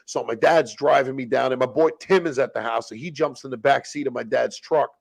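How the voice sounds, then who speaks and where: Gravelly, profane man telling stories. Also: mid-range voice, fairly quick. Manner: profane, blunt street slang. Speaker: podcast guest. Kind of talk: casual storytelling.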